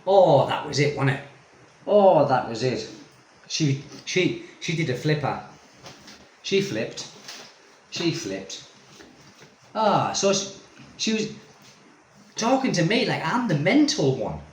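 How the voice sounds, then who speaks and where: A man's voice: on the high side, big pitch swings, a little slow, pauses often, slight background noise. A man vlogging as an expat, ranting casually to camera in a rambling, exasperated way full of tag questions. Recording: echoey room.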